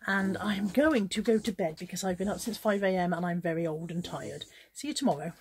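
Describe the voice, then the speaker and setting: A woman's voice: fairly low pitch, a little fast, a little hiss or hum. A middle-aged woman, chatting casually to a handheld phone camera in her vlog diary, self-deprecating and talking to her dog. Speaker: vlogger.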